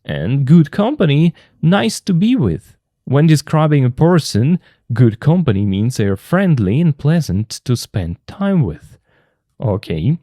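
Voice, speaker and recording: A man whose first language is Russian, explaining an English textbook lesson slowly and carefully as a teacher. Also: medium pitch, warm tone, no echo, clean studio sound.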